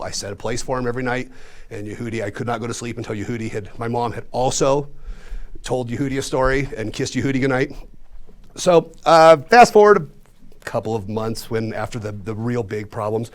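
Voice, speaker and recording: A man's voice: mid-range voice, fairly quick. A man in his fifties from Colorado, a magician telling a funny personal story to a live audience in a room. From Colorado, USA. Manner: animated, self-mocking.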